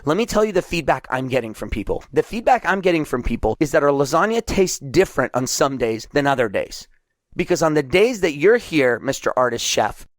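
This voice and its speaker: Guy as a calm practical restaurant manager, firm, quick talker. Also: a little high, dry recording, clean studio sound. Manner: firm, practical, laying out steps. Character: practical male restaurant manager, level-headed.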